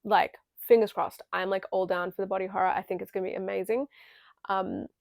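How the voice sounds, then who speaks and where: A young woman giving a chatty, casual film analysis with a strong vocal fry. She talks loosely, with lots of fillers and offhand swearing. The recording is dry and close, with no room sound. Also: medium pitch, little pitch movement, a little fast, dry recording. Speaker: video essay creator.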